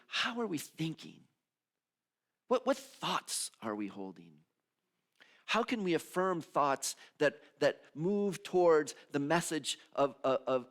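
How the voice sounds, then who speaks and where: A male minister giving a sermon in a conversational, expressive way, moving between hushed moments and emphatic ones. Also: a little high. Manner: conversational, with restarts and repeated phrases.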